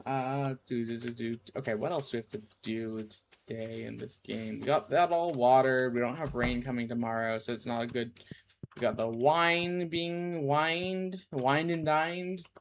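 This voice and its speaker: A man with a mid-range voice talks at normal speed over a slight hiss or hum while casually chatting during a game stream. He rambles and makes goofy asides, often interrupting himself to restart sentences.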